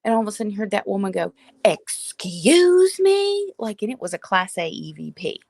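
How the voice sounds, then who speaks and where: A woman hosting a paranormal live stream, telling ghost stories in a casual, animated way and acting out the voices she quotes. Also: medium pitch, very fast, creaky, no echo. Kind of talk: casual storytelling chat.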